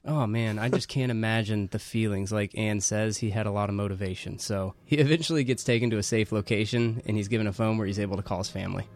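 Measured low male co-host, dry mic. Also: a little mellow, no room sound. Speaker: podcast co-host. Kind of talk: casual commentary.

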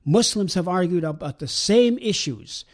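A man calmly explaining religious ideas in a talk show discussion, pausing often with fillers. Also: high voice. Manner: measured, explanatory, with many pauses and fillers. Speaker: guest speaker explaining Islam.

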